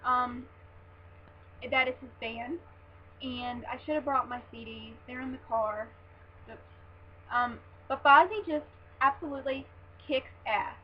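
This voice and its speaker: A young woman in a casual book review vlog, talking in a gushing, excitable fan manner with lots of "like"s and restarts. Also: high-pitched, unhurried. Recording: dull lo-fi webcam sound with faint hiss.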